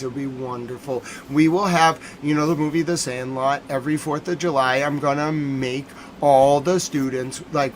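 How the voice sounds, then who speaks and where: A man rambles through a loose, joking stream monologue in a mid-range voice. He gets carried away and laughs at his own ideas. A faint hiss sits under the recording. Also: medium pitch. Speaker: host of a nightly news recap stream. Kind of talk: casual rambling livestream monologue.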